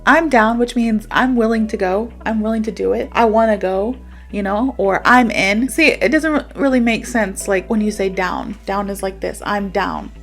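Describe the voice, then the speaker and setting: A woman's voice: mid-range voice, normal speed, faint music behind. A young woman teaching English in a casual, chatty video lesson, self-aware and full of "so" and "like". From United States. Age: young adult.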